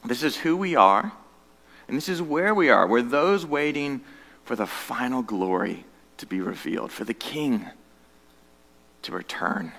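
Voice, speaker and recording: A man preaching a sermon as pastor, earnest, moving between loud emphatic stretches and hushed, low passages. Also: lively intonation, a little slow, gravelly, long pauses, in a large hall.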